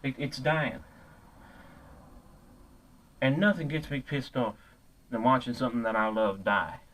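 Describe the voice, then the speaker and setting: A man's voice: mid-range voice, measured pace, a bit bright, poor audio. A man playing a hot-headed, ignorant ranting man in a comedic character monologue, profane and rambling, stumbling over his own words. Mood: angry rant.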